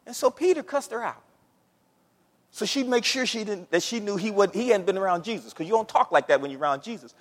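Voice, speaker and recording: A male preacher delivers a sermon in a high, lively voice that swings widely in pitch. He talks straight to the congregation in a loose, conversational way. His voice rings out with a long echo through the church hall. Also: a little fast. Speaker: pastor.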